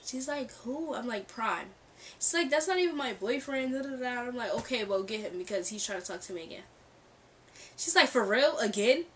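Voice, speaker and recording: A young woman casually telling a storytime vlog, animated and laughing, acting out the lines of the people in her story. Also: on the high side, brisk, far from the mic. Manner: animated, acts out quoted dialogue, laughs often. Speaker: storytime vlogger. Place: bedroom near a street. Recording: mic set back, faint background ambience. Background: cars passing outside.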